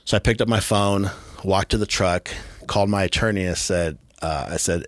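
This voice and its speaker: A man from California with a very low voice tells a rough story flatly and bluntly as a podcast guest, swearing casually. The recording is dry and close, with no room sound around him. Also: normal speed, no echo. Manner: blunt, profane, matter-of-fact storytelling with streetwise grammar. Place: podcast studio.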